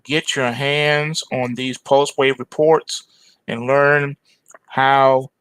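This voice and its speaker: A man hosting an end-of-day trading report, walking through charts in an emphatic, dramatic way and often calling out to ladies and gentlemen. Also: medium pitch, flat delivery, extremely slow, smooth, rough recording. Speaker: trading analyst host.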